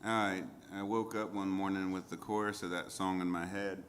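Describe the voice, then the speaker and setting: A man's voice: sits low, little pitch movement, moderate pace, a bit bright, slight background noise. A man, a singer-songwriter, telling easygoing, rambling stories between songs while seated on a music venue stage. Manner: rambling, easygoing storytelling with frequent fillers. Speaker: singer-songwriter performing a livestreamed show. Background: faint guitar.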